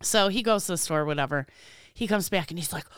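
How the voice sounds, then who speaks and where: A woman co-hosting a casual chat podcast, telling animated stories, swearing freely and laughing often. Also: fairly low pitch, a little fast, clear, resonant tone, dry recording, studio quality. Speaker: podcast co-host.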